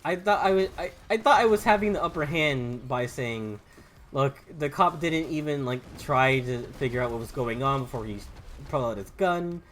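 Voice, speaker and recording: A man's voice: mid-range voice, lively intonation, moderate pace, a bit bright, slight background noise. A young man with a Southern US accent, rambling and stammering through restarts as he comments while gaming. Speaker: gaming YouTuber. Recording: faint game music behind.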